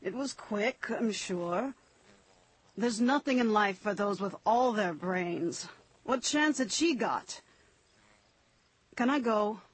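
An actress playing a hard, bitter mother testifying as a witness in a radio drama, flat and blunt. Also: mid-range voice, takes it slowly, long pauses, slightly rough, poor audio.

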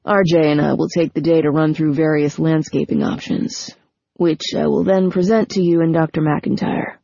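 A woman's voice: low voice, fairly even intonation, normal speed, creaky, warm tone, no room sound. A woman voicing a businesslike adult man who speaks briefly and plainly, in a storybook reading. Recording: dull lo-fi recording.

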